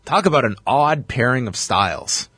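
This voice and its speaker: A man co-hosting a casual chat show, recapping wrestling matches play by play in an animated way. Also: mid-range voice, moderate pace, husky, no room sound. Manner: lively, animated storytelling. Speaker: podcast co-host recapping wrestling.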